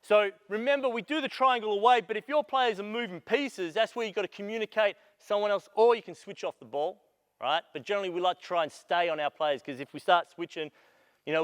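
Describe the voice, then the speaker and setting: A man coaching a basketball clinic, his voice sitting high for a man and recorded close and dry. He walks players through drills, calling out positions and stopping the action to explain. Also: fast talker, clean tone, dry recording. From Australia. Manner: instructive, directing players on court; raises voice for emphasis and calls.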